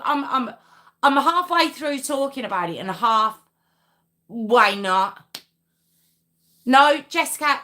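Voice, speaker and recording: A woman hosts a live true crime stream from home, speaking into a webcam mic. Her voice is bright and forward, and she talks at an unhurried pace. She chats with viewers, giggles often and reads their comments aloud. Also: a little high. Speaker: true crime livestream host. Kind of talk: casual live chat with viewers.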